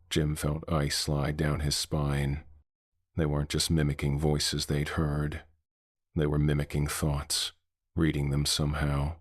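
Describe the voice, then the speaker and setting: Male horror narrator, extremely deep, husky, measured and ominous. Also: dry recording, studio quality. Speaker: horror storyteller.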